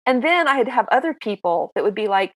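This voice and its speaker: A woman in her sixties, a podcast guest telling stories in a casual, lively, self-mocking way. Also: fairly high pitch, a little fast, dry recording. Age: 60s. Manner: lively, self-mocking storyteller who acts out dialogue. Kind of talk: casual interview storytelling.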